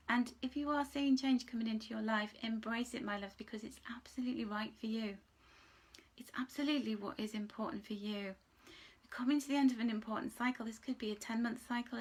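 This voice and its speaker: An emotional woman reads angel cards live with a slightly high voice. She gushes warmly over each card and sounds close to tears as she talks. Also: steady tone, brisk. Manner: emotional, gushing, tearful at times. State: tearful. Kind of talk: live card reading chat.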